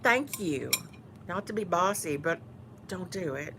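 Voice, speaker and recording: Texan woman YouTuber, slow and low, mock-bossy chat between bites. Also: lively intonation, noisy background. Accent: Texan Southern. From Houston, Texas. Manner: chatty, teasing and mock-bossy. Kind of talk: casual mukbang chat while eating.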